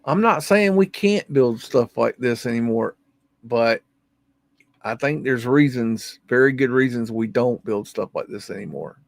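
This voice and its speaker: Gravelly, folksy man musing aloud. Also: medium pitch, expressive, measured pace, no room sound. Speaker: live stream host. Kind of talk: casual commentary on old photos.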